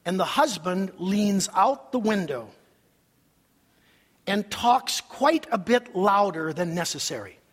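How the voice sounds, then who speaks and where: Male pastor, husky, high-voiced, sermon in a reverberant church. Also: slow pace. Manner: animated preaching with acted-out quotes. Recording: long hall reverb.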